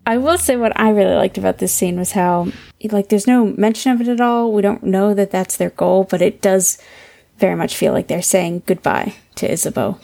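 Gravelly, mellow-voiced woman. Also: mid-range voice, normal speed. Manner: relaxed, affectionate, leads the recap. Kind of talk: casual chat recapping a TV episode.

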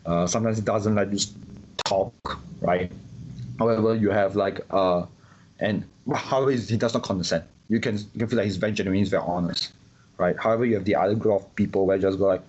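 In a casual interview, a man from Singapore gives his opinions while tripping over words, repeating them, and restarting often with fillers. He talks a little fast at a fairly low pitch, with fairly even intonation and a darkish tone. Dull lo-fi audio carries a slight hiss or hum.

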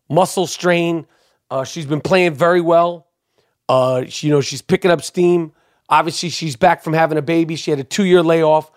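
A man hosting a podcast, telling a long story in a rambling, profane, excitable way. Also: fairly high pitch, dry recording, clean studio sound. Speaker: podcast host. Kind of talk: casual storytelling monologue. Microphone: podcast microphone.

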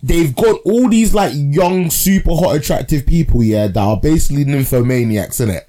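A young man co-hosting a casual podcast, slangy and animated, laughing easily. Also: fairly high pitch, normal speed. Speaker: podcast co-host. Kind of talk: casual chat.

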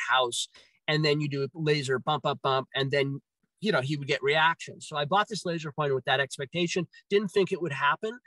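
A man telling a personal story in a casual, animated way, swearing often and acting out his own reactions. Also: on the high side, no room sound, low-quality recording.

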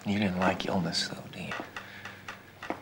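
An actor playing a bitter grown son speaking to his dying father in a hushed, seething, broken voice. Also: low voice, flat delivery, takes it slowly, creaky, heavy background noise, exaggerated voice. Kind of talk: film drama.

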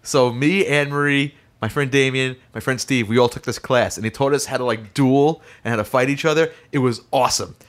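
A young man in casual chat, telling a lively story and acting out the voices of people in it. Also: medium pitch, a little fast, few pauses. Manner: animated, acts out voices in stories.

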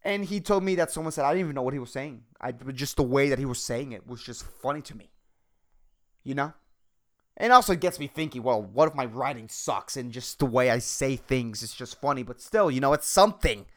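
A man hosting a comedy podcast on his own, talking in a loud, goofy, aggressive way and swearing freely. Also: medium pitch, lively intonation, fairly quick. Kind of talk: casual solo podcast talk.

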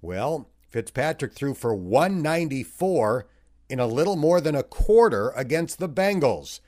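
A man reading a scripted football recap in a wry, expressive way. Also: mid-range voice, unhurried. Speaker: recap narrator. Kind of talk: scripted sports recap narration.

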